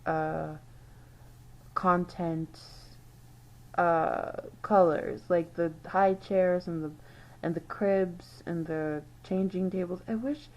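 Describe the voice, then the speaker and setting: A woman's voice: fairly low pitch, fairly even intonation, slow, lo-fi sound. A woman host giving casual, musing commentary on old game screenshots, often trailing off and correcting herself. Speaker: channel host.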